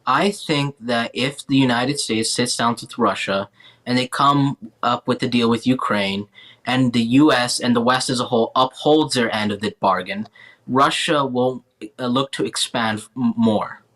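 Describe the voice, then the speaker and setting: A man's voice: medium pitch, a bit bright. A young man sits as a guest on a panel and argues a political view. His mid-range voice is earnest, and he stops often to correct himself. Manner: earnest, halting, self-correcting. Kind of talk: political opinion in a panel chat.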